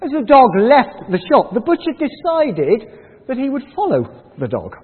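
High-voiced man telling a sermon story. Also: husky. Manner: animated, dramatic storytelling with pauses. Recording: tinny phone-like sound with long hall reverb.

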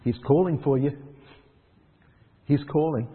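A man preaching a conversational sermon in church, lively and chuckling, dropping to soft prayerful tones. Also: fairly high pitch, unhurried, in a large hall, phone-quality sound.

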